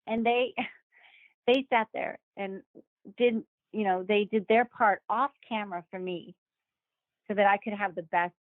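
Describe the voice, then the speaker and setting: Woman guest, lively anecdote-teller, tinny dry call audio, average pitch. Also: unhurried, pauses often, no echo. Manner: animated, acts out quoted voices with laughs. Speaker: guest actor. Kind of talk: casual interview storytelling.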